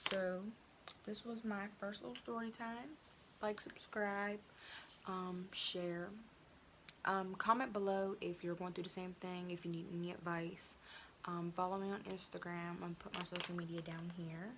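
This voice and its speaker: A woman's voice: on the low side, steady tone, normal speed, background noise. A teenage woman telling a casual storytime to her viewers, chatty and full of slang and fillers. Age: teens. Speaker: vlogger.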